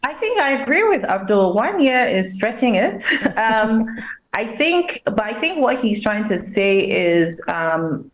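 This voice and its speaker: A woman's voice: fairly high pitch, big pitch swings, measured pace, roomy sound. Articulate woman explaining relationship advice. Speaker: relationship expert panelist. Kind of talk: studio panel discussion.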